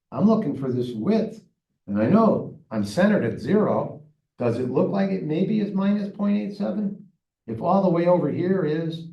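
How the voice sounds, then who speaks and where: A man's voice: fairly high pitch, dull audio. Man teaching math in an echoey room. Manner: thinking aloud, chatty and self-talking while solving. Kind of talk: recorded classroom lecture working problems. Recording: echoey room, mic far off.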